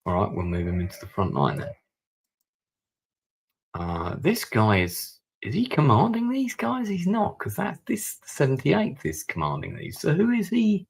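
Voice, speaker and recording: A man's voice: on the high side, huge pitch swings, unhurried, vocal fry, breathy edge. A man streaming a strategy war game, thinking aloud and muttering over his moves as he plays. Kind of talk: live-stream gameplay commentary.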